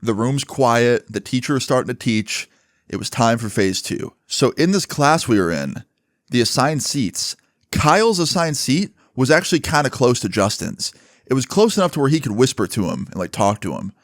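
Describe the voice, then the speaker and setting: A man's voice: medium pitch, sing-song, moderate pace, dry recording, clean studio sound. Casual, chatty male storyteller. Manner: casual, chatty, swears freely.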